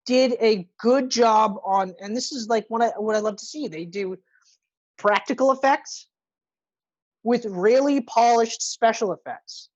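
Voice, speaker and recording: A woman's voice: on the high side, unhurried, a little mellow, no room sound, lo-fi sound. A woman co-hosting a podcast, chatting casually and gushing enthusiastically about a movie, swearing freely. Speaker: podcast co-host. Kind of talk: casual movie review chat.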